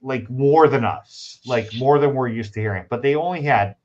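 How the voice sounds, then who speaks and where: Animated male podcast host, lo-fi sound. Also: medium pitch, normal speed. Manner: animated storyteller, acts out quoted dialogue. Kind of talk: casual chat. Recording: dull lo-fi sound.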